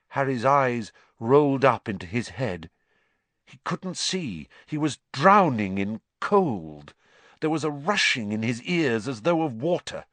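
Guy reading a storybook, slow and dramatic, big pitch swings, dry close sound. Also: a bit bright, no echo. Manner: dramatic, deliberate. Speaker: audiobook narrator. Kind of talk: expressive scripted narration.

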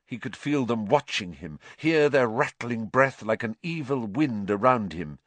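A man reads a storybook aloud at an unhurried pace. His pitch rises and falls with lively drama. The recording is dry and close. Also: no echo. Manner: measured and dramatic. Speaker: audiobook narrator. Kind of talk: scripted storybook narration.

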